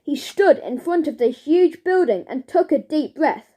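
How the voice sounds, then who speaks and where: A woman narrating a children's storybook in an expressive, deliberate way. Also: sits high. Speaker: audiobook narrator.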